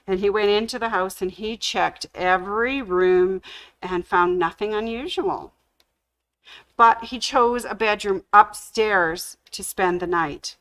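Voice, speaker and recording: A woman storyteller on a livestream, drawing out a spooky tale at an unhurried, deliberate pace. Her voice is bright and clear, with dramatic pauses. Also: medium pitch. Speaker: sewing channel host. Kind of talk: livestream ghost story telling.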